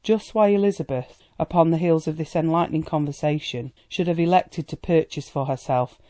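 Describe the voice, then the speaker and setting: An audiobook narrator reading a period novel in a measured, even way. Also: mid-range voice.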